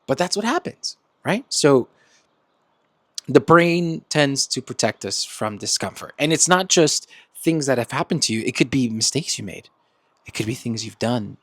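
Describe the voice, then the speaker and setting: A man hosting a self-help podcast in a casual monologue, animated and laughing often as he acts out quoted friends. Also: mid-range voice, moderate pace, no echo. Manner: laughs often between points. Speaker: podcast host.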